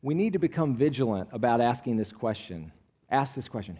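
A man preaching a sermon in a conversational way, often asking the congregation questions and shifting between quiet asides and a raised voice when reading scripture. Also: mid-range voice, sing-song, fairly quick, breathy edge. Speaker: pastor.

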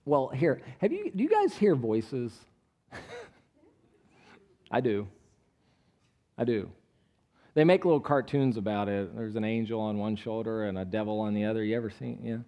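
A man preaching a sermon in a conversational way, often asking the congregation questions and shifting between quiet asides and a raised voice when reading scripture. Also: on the low side, very animated, fairly quick. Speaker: pastor.

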